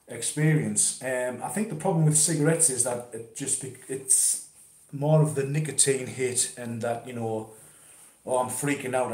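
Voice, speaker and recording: An easygoing man chats loosely at a mid pitch, dropping the odd curse word. He sounds relaxed, as if talking at home. His voice rings in a hard, echoey room. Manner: chatty, laid-back, swears casually. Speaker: interviewee talking about pipe smoking. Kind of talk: casual chat. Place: conservatory at home.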